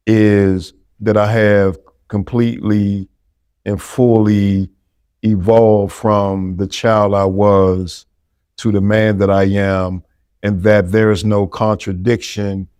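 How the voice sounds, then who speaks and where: A man's voice: fairly low pitch, a little mellow, no room sound, studio quality. A middle-aged man, giving earnest, encouraging answers as a podcast guest.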